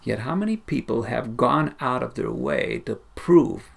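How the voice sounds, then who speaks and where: Gravelly impassioned male preacher. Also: mid-range voice, lively intonation, a little slow. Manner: impassioned, builds in repeated rising chains. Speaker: pastor. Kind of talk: sermon.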